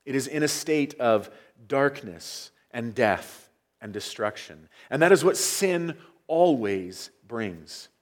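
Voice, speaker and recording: A middle-aged man preaching a sermon as pastor, earnest, rising on emphatic points and dropping low at the ends of phrases. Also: expressive, takes it slowly. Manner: earnest preaching with emphatic rises and hushed endings.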